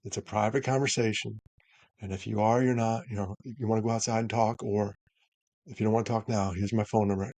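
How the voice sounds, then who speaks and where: Gravelly man acting out conversations. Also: lowish voice, fast, no echo. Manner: animated storyteller, acts out dialogue. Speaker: guest speaker. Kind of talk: earnest conversational advice.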